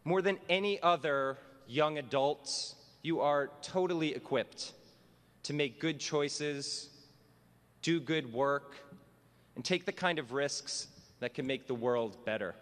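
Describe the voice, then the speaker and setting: A man's voice: a little high, fairly bright tone, big-room sound. A man, a teacher, giving a humorous commencement address in a wry, self-mocking way. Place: school graduation hall.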